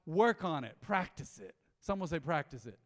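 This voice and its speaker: Animated pastor preaching in a reverberant hall. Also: male voice, fairly high pitch, moderate pace. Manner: animated, conversational preaching with call-and-response. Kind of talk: sermon.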